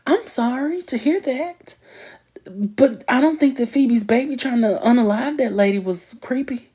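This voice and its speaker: A woman hosting a casual livestream, chatting with viewers and reading their comments in an animated, emphatic way, laughing often. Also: a little high, a little slow, breathy edge. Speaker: livestream host.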